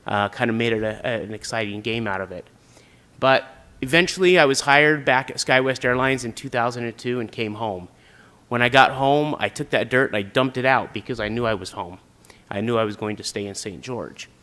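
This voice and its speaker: A man's voice: medium pitch, brisk, bright, forceful tone. A middle-aged man from Utah giving an earnest, prepared personal speech as an applicant for a city council seat, with frequent "uh"s. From Utah, USA. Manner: earnest, with frequent filler sounds.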